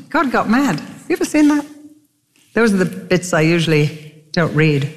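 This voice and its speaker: A woman's voice: unhurried, long reverb tail. An older woman teaching from the Bible in a sermon, telling stories animatedly and acting out the quotes. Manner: animated storytelling, acting out quotes with lively pitch jumps.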